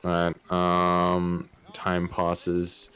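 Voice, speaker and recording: A man narrating a tabletop role-playing game as game master, halting with many fillers and restarts. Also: low-pitched, completely flat delivery, a bit bright.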